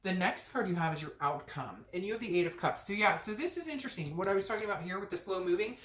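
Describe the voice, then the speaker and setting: Low-voiced woman doing a chatty tarot read, blunt, swears a lot, kinda echoey room. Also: expressive, fast talker. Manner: chatty and blunt, swears freely, acts out little quoted voices. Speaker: tarot reader. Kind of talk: casual tarot reading to camera.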